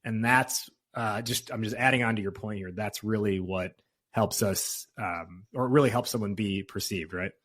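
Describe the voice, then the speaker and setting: A man's voice: on the low side, normal speed, fairly bright tone. A man hosting a podcast, talking in a casual, conversational way. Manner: casual, conversational, uses fillers like "like". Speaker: podcast host. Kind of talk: podcast interview.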